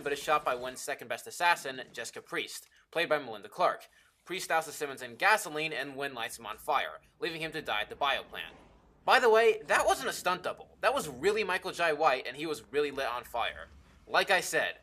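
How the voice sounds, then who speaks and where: Guy doing a movie review, bright voice, bounces all over the place, swears a lot. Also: fairly high pitch. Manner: enthusiastic, swears freely, quick jokey asides. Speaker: film reviewer. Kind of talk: casual video review.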